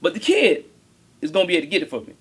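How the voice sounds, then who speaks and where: A man voicing an upset villain on a phone call who rants and makes loud threats. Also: sits high, sing-song, very fast, husky, exaggerated voice. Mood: agitated.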